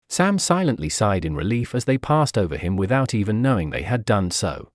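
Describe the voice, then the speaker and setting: A man narrating a fan-fiction audiobook in an expressive, dramatic way, raising his voice for the characters' shouts. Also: fairly low pitch, brisk, hardly any pauses, dry recording, studio quality.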